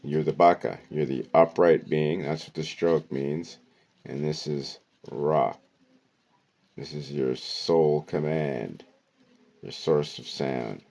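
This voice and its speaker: Very deep-voiced man teaching slowly. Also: vocal fry, a little mellow. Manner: slow, deliberate, with frequent "okay" and "right". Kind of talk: esoteric word-decoding lesson.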